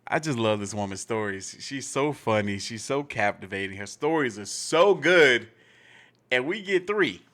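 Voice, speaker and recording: Bright, upbeat man introducing a video. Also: mid-range voice, expressive, moderate pace. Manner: enthusiastic, upbeat. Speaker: channel host.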